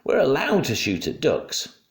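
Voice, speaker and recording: A man voicing a blustering father in a low, muttered storybook voice. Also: huge pitch swings, measured pace, gravelly, exaggerated voice. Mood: pleading. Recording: roomy home room.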